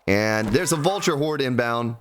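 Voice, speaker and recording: A hoarse man giving excitable live-stream commentary while playing a survival game, exclaiming often and breaking into snatches of song. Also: medium pitch, moderate pace, background noise.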